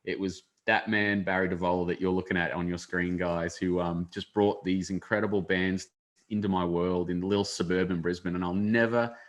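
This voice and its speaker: Low-voiced Australian man, gushing. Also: fairly even intonation, normal speed. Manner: effusive, hesitant with many ums. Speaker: interviewer. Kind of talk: casual conversation on a video call. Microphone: video call.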